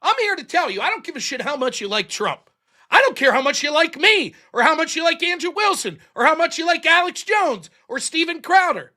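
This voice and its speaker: A man's voice: extremely high pitch, big pitch swings, brisk, sharp tone. A man hosting a livestream, ranting angrily about politics, swearing often and firing off rhetorical questions. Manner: angry, profane, rhetorical questions. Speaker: livestream host. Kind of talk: profane political rant on a livestream.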